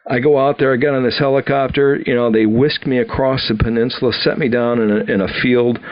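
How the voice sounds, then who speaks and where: A man's voice: mid-range voice, moderate pace. A man in his sixties from Wisconsin, telling his own story on a podcast, acting out the dialogue and often restarting his sentences. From Wisconsin, USA. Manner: animated storyteller, acts out dialogue, frequent restarts. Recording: dull lo-fi audio.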